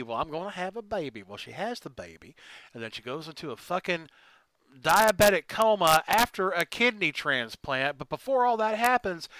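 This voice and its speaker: A man's voice: high voice, a little hiss or hum, poor audio. A man co-hosting a casual movie chat, sarcastic and crude, telling the plot with jokes. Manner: animated, sarcastic, crude humor. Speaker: podcast co-host. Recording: dry close sound.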